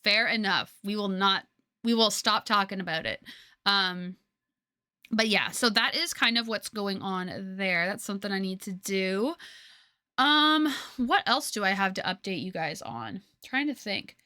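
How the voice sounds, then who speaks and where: Young woman from Canada, chatty streamer, rambling delivery, bright tone, dry headset mic. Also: medium pitch, animated, a little slow, no echo. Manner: chatty, rambling with many fillers and restarts. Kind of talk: casual chat with viewers.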